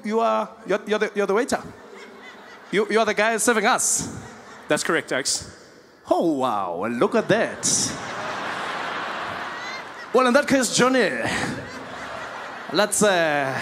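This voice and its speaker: A comedian voicing a black male diner who is loudly bossy and delighted to be served. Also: on the high side, sing-song, slow pace, slight background noise, full character voice. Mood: gleeful.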